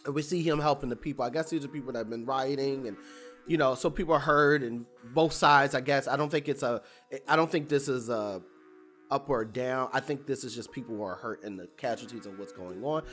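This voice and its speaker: Speaking briskly at medium pitch, a man with a slightly bright tone recounts a TV episode while faint music plays behind him. He's a recap reviewer, casual and talkative, using fillers and voicing the characters' quotes.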